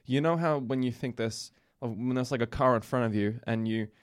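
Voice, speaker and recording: A man's voice: mid-range voice, brisk. A young man, hosting a casual chat show and telling a long story in a rambling way, often laughing and trailing off. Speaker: podcast host.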